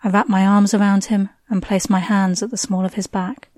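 A woman reads a first-person story in an intimate, hushed delivery that sinks into breathy whispers. Her voice is warm and mellow. The sound is dry and close, with no room around it. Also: mid-range voice, level tone, moderate pace, dry recording. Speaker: narrator.

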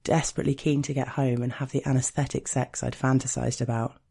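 A man reading a first-person erotic story in a slow, intimate, hushed way. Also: medium pitch, little pitch movement, vocal fry, breathy edge. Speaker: narrator.

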